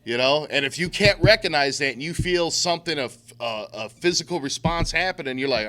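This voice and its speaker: A man's voice: mid-range voice, expressive, fairly quick, hardly any pauses, sharp tone. A middle-aged man giving a blunt, profane talk to a recovery group, using street slang and acting out quotes. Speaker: recovery speaker.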